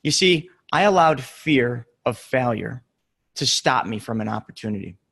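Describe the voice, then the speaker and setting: A middle-aged man giving an earnest motivational talk, telling a story with emphatic pauses. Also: mid-range voice, lively intonation, creaky, fairly bright tone. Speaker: real estate investor and coach.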